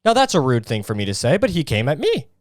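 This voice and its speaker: A man's voice: a little high, wildly swooping pitch, quick pace, no echo, clean studio sound. Crude, mocking man ranting. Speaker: podcast host. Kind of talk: casual podcast rant.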